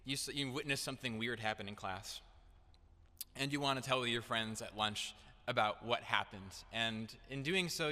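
Young male preacher, earnest sermon delivery, bright tone, long hall reverb. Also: medium pitch. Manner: earnest, direct, building to emphatic declarations. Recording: echoey hall.

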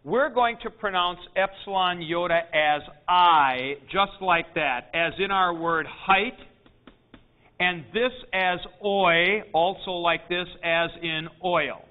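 A man teaching a Greek class, explaining pronunciation in a deliberate lecture and clearing his throat often. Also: sits high. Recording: tinny phone-like lo-fi recording.

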